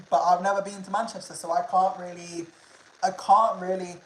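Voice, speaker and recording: A man's voice: high-pitched, little pitch movement, normal speed. A young man from the United Kingdom, chatting casually with his livestream viewers, swearing freely and repeating himself. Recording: roomy echo.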